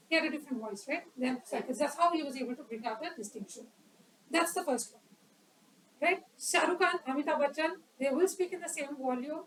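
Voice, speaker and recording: A woman's voice: sits high, far from the mic, a little hiss or hum, low-quality recording. A woman giving an educational talk on public speaking at a club meeting, quizzing the audience and acting out examples.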